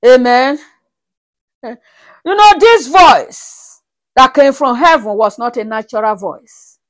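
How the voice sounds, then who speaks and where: A woman's voice: sits high, slow pace. A woman preaching a sermon, reading Bible verses aloud and asking the congregation again and again whether they are following, with bursts of laughter and praise between verses. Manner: animated, with frequent rhetorical checks on the congregation.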